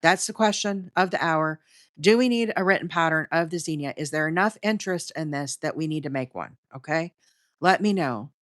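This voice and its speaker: A woman's voice: low-pitched, a little fast, no echo, studio quality. A middle-aged woman with a Southern US accent, hosting a crochet livestream in a chatty, rambling way and talking straight to her chat. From Alabama, US. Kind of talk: casual live-stream chat while crocheting.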